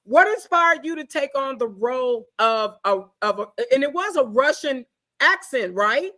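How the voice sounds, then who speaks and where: A woman's voice: high voice, animated, moderate pace, sharp tone. A woman hosting a casual interview, chatty and effusive. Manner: chatty, effusive, says y'all. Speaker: talk show host.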